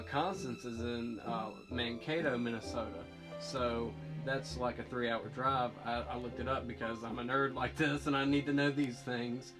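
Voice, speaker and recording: Rambling man recapping over guitar music. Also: medium pitch. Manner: rambling, filler-heavy, self-correcting. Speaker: TV show reviewer. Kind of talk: casual spoken episode recap.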